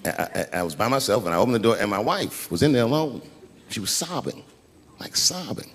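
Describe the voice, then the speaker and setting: A middle-aged man doing a stand-up routine, telling stories animatedly and shouting punchlines. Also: medium pitch, sing-song, brisk, slightly rough. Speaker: stand-up comedian. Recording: live hall reverb, faint background noise.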